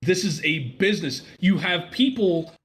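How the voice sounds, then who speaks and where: A man's voice: sits high, lively intonation, normal speed, fairly bright tone. A man co-hosting a podcast, arguing his side and telling stories in a rambling, casual way. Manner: argumentative, rambling, storytelling with restarts. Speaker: podcast co-host. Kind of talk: casual chat.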